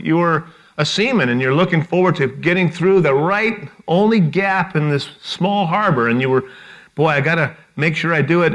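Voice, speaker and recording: A middle-aged pastor preaching with lively energy, his voice sitting a little high for a man. He often repeats words and slips into acting out the people he quotes. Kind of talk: sermon.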